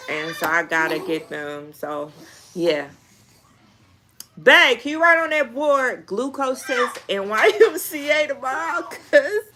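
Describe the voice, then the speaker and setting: A woman with a mid-range voice chats casually with viewers live, reading their comments, with background noise present. She's a mother in her thirties and a vlogger who calls her audience y'all and laughs frequently.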